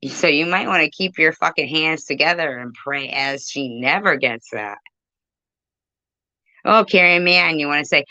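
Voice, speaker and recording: A woman's voice: low voice, unhurried, sharp tone, dry recording, muffled recording. A woman ranting profanely and confrontationally on a phone livestream, rambling and chatting with her viewers. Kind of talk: livestream rant.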